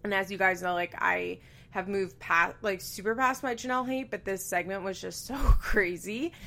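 A woman's voice: mid-range voice, moderate pace, creaky, pushed and bright. A young woman hosting a casual solo podcast from a bedroom at home, chatty and sarcastic, swearing freely and laughing between remarks. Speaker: podcast host. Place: bedroom at home with a fan running.

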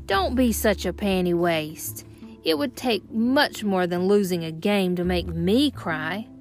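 A woman's voice: lowish voice, lively intonation, slow, a little mellow, faint music behind. A woman doing a bossy old-fashioned boy. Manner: scornful, old-timey turns of phrase. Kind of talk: audiobook narration.

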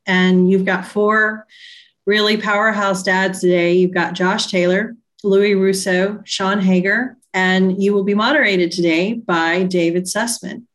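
A woman hosting a live online talk show, introducing guests in an unhurried, friendly way over a video call. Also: mid-range voice, steady tone, fairly bright tone. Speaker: show host.

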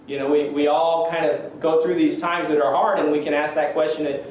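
Man, pastor, conversational sermon, slightly high voice, heavy church echo. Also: fairly even intonation, fairly quick, few pauses, darkish tone, slight background noise. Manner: conversational, self-deprecating with chuckles. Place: church sanctuary. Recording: echoey church room from a distance.

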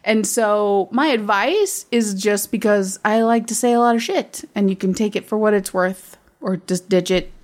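A woman in her fifties talks in a loose, casual podcast chat. She is blunt and straight-talking, with no filter, and she laughs easily between her points. Her voice sits at an ordinary middle pitch for a woman. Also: normal speed, few pauses, darkish tone. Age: 50s. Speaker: podcast co-host.

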